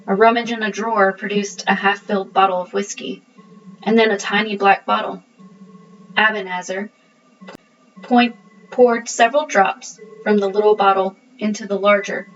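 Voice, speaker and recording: A woman narrating a storybook chapter in a steady, plain reading voice. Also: mid-range voice, normal speed, far from the mic, highs cut off, soft background music. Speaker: audiobook narrator.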